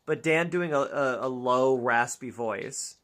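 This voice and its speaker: A woman's voice: rumbling low, takes it slowly. A woman streamer chatting casually and musing aloud to her chat as she plays a dating game. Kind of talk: casual gameplay commentary.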